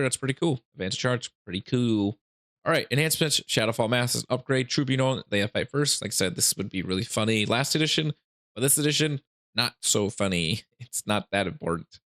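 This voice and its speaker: A man's voice: on the low side, a bit bright. A man hosting a gaming channel, casually talking through game rules with hiccups, rambling with laughing asides and frequent restarts. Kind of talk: casual rules breakdown commentary.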